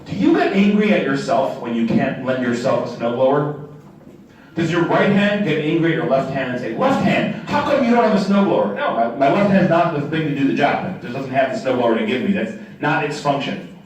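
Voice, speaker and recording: A man giving a sermon as a rabbi, telling stories and acting out the people in them with lively swings in voice. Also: medium pitch. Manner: animated storytelling, acting out quoted characters. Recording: echoey room from a distant mic.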